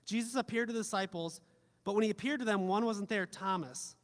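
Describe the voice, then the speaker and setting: High-voiced pastor preaching in a reverberant hall. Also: male voice, fairly quick. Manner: animated, swinging between loud emphatic and quiet soft delivery; casual joking asides. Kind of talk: sermon.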